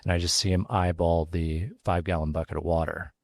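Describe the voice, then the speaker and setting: A man who runs a barbecue restaurant, telling a story as an interview guest, casual and halting with lots of fillers and restarts. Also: low voice, little pitch movement, vocal fry, darkish tone, dry recording, studio quality. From Texas. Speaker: pitmaster and restaurant owner, guest.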